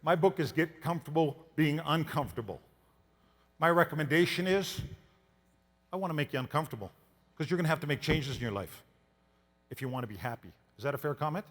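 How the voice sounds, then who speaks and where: A man from Canada gives a motivational talk to an audience in a folksy, storytelling way. His voice sits a little high for a man. Long reverb from the large hall trails after his words. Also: a little fast, pauses often. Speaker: motivational speaker.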